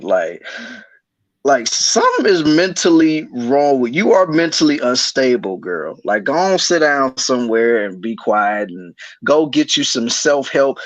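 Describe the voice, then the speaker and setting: A man's voice: mid-range voice, big pitch swings, a little slow, no room sound. A man co-hosting a podcast, giving blunt, profane, mocking commentary in a casual chat. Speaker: podcast co-host.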